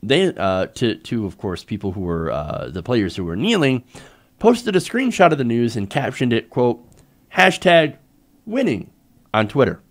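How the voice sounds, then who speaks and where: A man's voice: lowish voice, big pitch swings, normal speed. A man hosting a live political commentary show, ranting in an exasperated, sarcastic way with frequent profanity.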